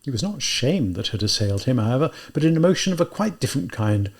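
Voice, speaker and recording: A man reading a classic novel aloud as an audiobook, in measured, deliberate narration. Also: mid-range voice, sing-song, husky. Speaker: audiobook reader. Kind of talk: scripted narration.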